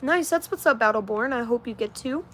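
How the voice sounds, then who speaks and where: A woman's voice: fairly high pitch, animated, brisk, a bit bright, slight background noise. A woman in her late twenties chatting casually on a livestream, reading out comments in a blunt, heavily profane way. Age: 20s.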